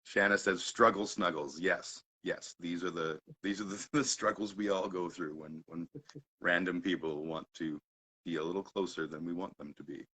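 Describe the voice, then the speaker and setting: A man hosting a casual chat, telling a story with lively swings between loud and quiet and frequent laughter. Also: low voice, normal speed, slightly rough, low-quality recording. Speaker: podcast host.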